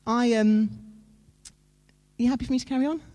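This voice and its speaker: Woman, sermon, mellow tone, earnest, conversational, dramatic pauses. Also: on the high side, fairly even intonation. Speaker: preacher.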